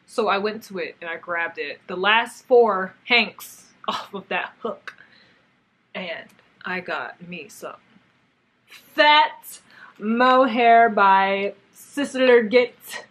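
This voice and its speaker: A woman's voice: lowish voice, takes it slowly, slightly rough. Gushing young woman showing off yarn. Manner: gushing, excitable, talks to the yarn and viewers. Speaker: yarn crafts vlogger. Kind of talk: casual haul vlog chat.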